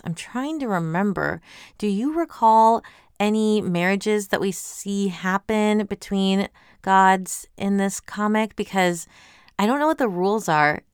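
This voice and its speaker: A woman's voice: mid-range voice, expressive, unhurried, clean tone, no room sound, studio quality. A woman hosting a webtoon recap. She talks casually and animatedly, reads viewer comments aloud and asks a lot of questions.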